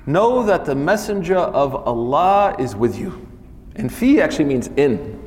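A man's voice: fairly high pitch, big pitch swings, measured pace, a little mellow, in a large hall. A man giving an informal religious lesson in a casual, chatty way, often tacking "man" onto his sentences. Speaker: religious teacher.

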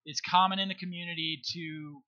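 Earnest high-voiced man telling a story. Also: steady tone, fairly quick, bright, forceful tone, highs cut off. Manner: earnest, emphatic, checks in with rhetorical questions. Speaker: guest. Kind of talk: conversational storytelling.

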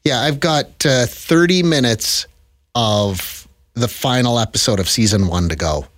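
Man, from Canada, podcast co-host, casual chat, laughs a lot, mid-pitched voice. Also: unhurried. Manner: animated, laughs often.

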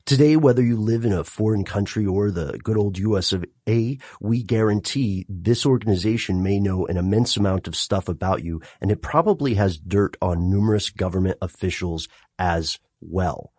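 A man co-hosting a casual podcast, talking in an animated, emphatic way and laughing often. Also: on the low side, normal speed, few pauses, no room sound. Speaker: podcast co-host.

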